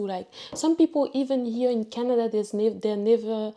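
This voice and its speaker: A woman vlogger giving a casual personal testimony, earnest and reflective, often pausing and restarting her sentences. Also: on the high side, mellow. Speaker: vlogger sharing a faith testimony.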